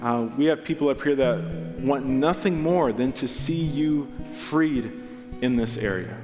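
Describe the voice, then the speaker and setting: A young man delivers a sermon as a pastor, earnest and personal, slipping into the voices of the people in his stories. His voice rings out into a large church hall with a long reverb. A soft plucked guitar plays quietly behind him. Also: medium pitch, unhurried. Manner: earnest, storytelling with acted-out quotes. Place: church auditorium. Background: soft guitar music.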